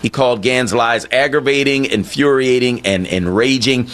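Radio talk host, male, bright voice, animated and incredulous. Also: moderate pace. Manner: animated, incredulous, rising to high emphatic pitch.

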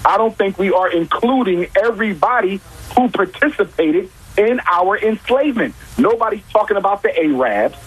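A man's voice: sits high, lively intonation, normal speed, few pauses, slightly rough, low-quality recording. A man arguing his points with emphasis on a talk show, repeating key lines and asking rhetorical questions. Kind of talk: impassioned talk-show argument.

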